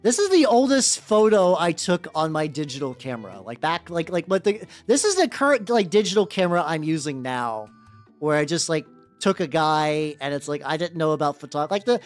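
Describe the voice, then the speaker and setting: A streamer talks loosely to a live chat while painting, rambling and restarting, full of "like". The pitch is mid-range but leaps around a lot. Faint background music plays beneath the voice. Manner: rambling, heavy use of 'like', frequent restarts. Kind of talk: casual livestream chat with viewers.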